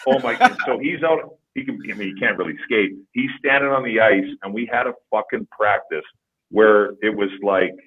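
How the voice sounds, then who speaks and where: A man tells rambling, profane career stories in a casual podcast chat. His voice sits low and sounds husky. It comes through a tinny, phone-like line. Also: normal speed. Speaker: podcast guest, former hockey player. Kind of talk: casual storytelling.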